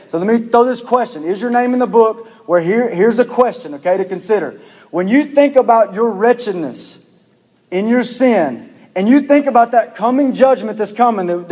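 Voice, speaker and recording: High-voiced pleading preacher in a hall. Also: male voice, lively intonation, moderate pace, a little mellow. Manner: earnest pleading preaching, repeats phrases. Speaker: pastor. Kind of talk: sermon. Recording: long reverb of a hall.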